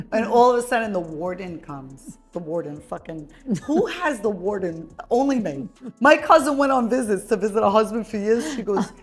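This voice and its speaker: A woman's voice: medium pitch, normal speed, faint music behind. Blunt, profane New woman host. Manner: blunt, profane, animated storyteller. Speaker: podcast host. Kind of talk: casual storytelling chat.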